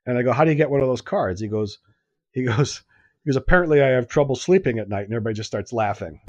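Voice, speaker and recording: A man's voice: medium pitch, expressive, quick pace, dry recording. A man on a casual podcast, telling a rambling anecdote full of quoted back-and-forth and repeating himself. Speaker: podcast co-host. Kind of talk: casual chat.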